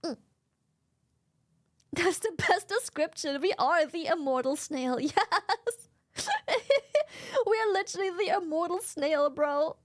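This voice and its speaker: A woman streamer in casual live-stream chat, animated and giggly, swearing freely. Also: very high voice, measured pace, pauses often.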